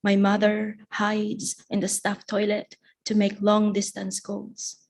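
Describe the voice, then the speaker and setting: Woman poet reading her poem live, slow and measured, every line spaced out. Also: medium pitch, monotone, gravelly, a little mellow. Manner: slow, measured, deliberate recitation.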